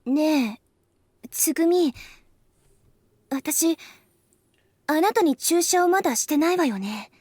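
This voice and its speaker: A woman's voice: high-pitched, lively intonation, moderate pace, long pauses, darkish tone, no room sound. A woman voicing an insistent young woman in a visual novel, asking probing questions. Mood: questioning. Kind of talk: Japanese game voice acting.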